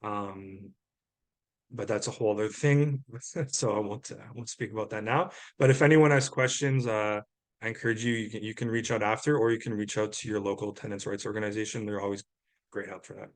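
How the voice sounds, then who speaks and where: A man's voice: fairly low pitch, steady tone, a little fast. A man talks through a webinar presentation and its questions. His delivery is earnest and explanatory, and he leans on fillers as he goes. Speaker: housing presenter.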